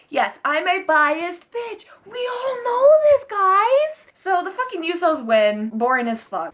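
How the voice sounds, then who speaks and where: Animated young woman recapping wrestling. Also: sits high. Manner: profane, animated, excitable, fast-talking with many fillers. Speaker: wrestling show reviewer. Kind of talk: casual recap vlog.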